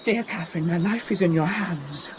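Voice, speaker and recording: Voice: mid-range voice, moderate pace, slight background noise, close to an everyday voice. A performer playing a sickly, timid young man in a radio drama, stammering and pleading in fear. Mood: fearful.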